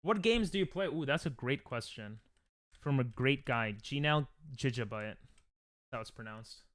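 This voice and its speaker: Young guy streamer rambling and joking w chat, bouncy lively pitch, smooth clear voice, dry close mic. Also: unhurried, dry recording. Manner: chatty, joking, laughs often, reads chat aloud. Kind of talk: casual live-stream chat while gaming.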